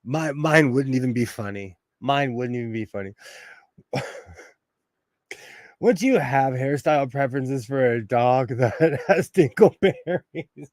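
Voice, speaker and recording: A man from Los Angeles hosting a sewing livestream, chatting casually with frequent laughter and animated storytelling. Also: mid-range voice, measured pace, pauses often, dry recording. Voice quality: bald. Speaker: livestream host. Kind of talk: casual chat while sewing.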